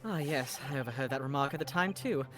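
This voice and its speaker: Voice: medium pitch, quick pace, close to an everyday voice. A host voicing a smug, boastful great detective in a casual read-through of a game script, adding playful flourishes to the lines. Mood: breezy. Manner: reads lines with playful flourishes, stumbles on long words. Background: background music.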